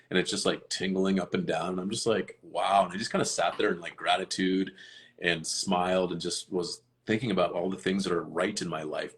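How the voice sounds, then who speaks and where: A man chatting casually on a live stream, earnest and rambling, with many fillers and restarts. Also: low voice. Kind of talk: casual chat.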